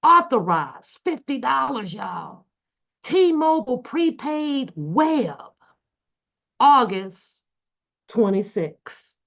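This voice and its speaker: A middle-aged woman vlogging, telling a story casually to her viewers, animated and swearing freely. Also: a little high. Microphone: phone camera. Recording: dull lo-fi recording.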